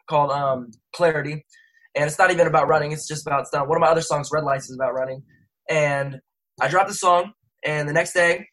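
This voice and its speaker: Young man, interview guest, quick rambling delivery, slangy, slightly high voice. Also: fairly bright tone, poor audio. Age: young adult. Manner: rambling, self-correcting, slangy. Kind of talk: casual storytelling.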